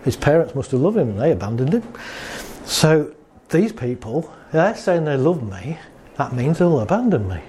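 Mellow-voiced man giving a talk. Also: a little high, very animated, moderate pace, a little hiss or hum. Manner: chatty storyteller, acting out quotes with laughs. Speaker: speaker on anxiety and relationships. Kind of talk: talk to a live audience.

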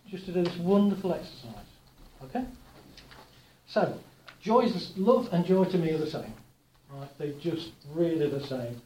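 A man giving a relaxed, chatty talk to a live audience, telling anecdotes with gentle humour. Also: fairly high pitch, echoey room, slight background noise, rough recording. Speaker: workshop speaker.

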